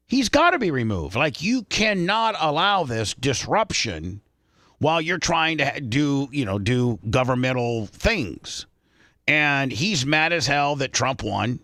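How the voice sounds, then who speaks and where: A man's voice: mid-range voice, a bit bright, no echo, clean studio sound. A male radio host giving opinionated, rambling commentary in a casual talk show.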